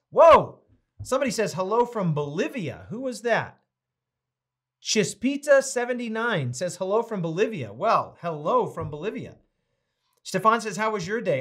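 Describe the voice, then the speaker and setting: A man's voice: high voice, fairly bright tone. A man, a pastor hosting a livestreamed reading series, greeting viewers one by one and making announcements in an upbeat, casual way.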